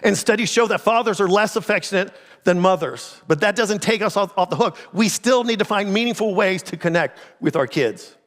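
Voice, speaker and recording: A man's voice: sits high, animated, a little fast. A middle-aged man preaching a sermon as pastor in a church, talking with the congregation in a conversational way and asking them many questions. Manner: conversational, asks the congregation many questions, drops to a quiet intense voice. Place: church sanctuary. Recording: long church reverb.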